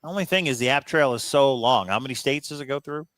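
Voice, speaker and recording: Male co-host with a bright tone, dry close-mic sound, offhand and wry, casual chat delivery. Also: medium pitch, fast talker, no echo. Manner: wry, offhand, jokey asides.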